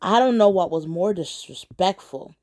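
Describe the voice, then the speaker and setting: A woman tells a personal story straight to the camera, candid and blunt, cutting in with sharp rhetorical asides. Her voice sits a little low. The tone is mellow and warm, never bright. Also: expressive, normal speed. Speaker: vlogger. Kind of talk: storytime narration.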